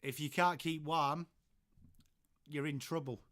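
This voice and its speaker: Chatty English host, slightly high voice. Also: male voice, steady tone, slow, fairly bright tone. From England. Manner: chatty, greets viewers by name and reacts to their messages. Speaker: live-stream host. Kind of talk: casual live watchalong chat. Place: at home.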